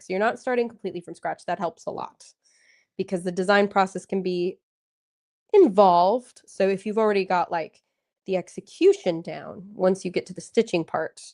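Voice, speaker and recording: A woman in her own natural voice hosts a relaxed livestream. Her pitch sits in a middle range, and she keeps an encouraging, chatty tone as she answers viewers' comments one by one. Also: normal speed. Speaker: livestream host. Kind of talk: casual livestream chat.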